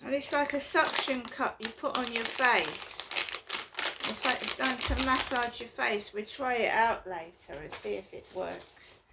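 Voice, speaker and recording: Agitated woman ranting, gravelly voice. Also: on the high side, measured pace, heavy background noise. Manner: agitated, repetitive complaining. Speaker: vlogger. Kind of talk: casual ranting monologue. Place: her flat, indoors.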